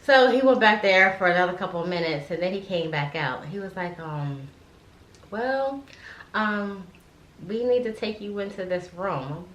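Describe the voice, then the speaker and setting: A woman's voice: medium pitch, expressive, normal speed, a bit bright. Mother retelling a hard day, echoey room. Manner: tells the story with many fillers and restarts, becoming tearful and emotional. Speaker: guest mother. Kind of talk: emotional personal storytelling. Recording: echoey room with faint ambient noise.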